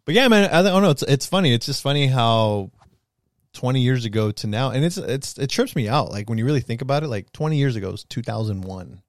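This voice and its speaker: A man's voice: mid-range voice, animated, a little fast, no echo, clean studio sound. A man in his thirties telling stories in casual, profane chat and acting out quotes as he goes. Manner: profane, storytelling, acts out quotes.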